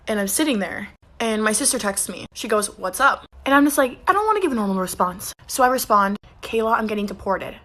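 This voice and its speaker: A young woman telling a funny story to her phone camera, in a fast and lively way. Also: medium pitch.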